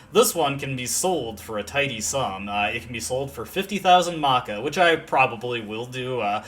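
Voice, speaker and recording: A man's voice: mid-range voice, pushed and bright, slight background noise. A young man casually commenting on a video game as he plays, thinking aloud with many fillers and self-deprecating asides. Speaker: let's play commentator. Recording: faint game music behind.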